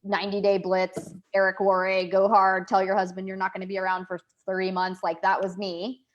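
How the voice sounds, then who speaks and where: A woman's voice: medium pitch, completely flat delivery, moderate pace, highs cut off. A woman who is a guest on a business call, speaking in an earnest, reflective way. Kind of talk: casual business call chat.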